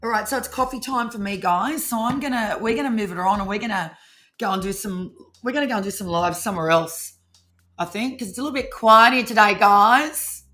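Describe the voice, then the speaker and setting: Australian woman, live-stream co-host, bright chatty voice, playful teasing tone. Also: mid-range voice, brisk. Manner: chatty, teasing, laughs often, Aussie slang. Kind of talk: casual live-stream chat.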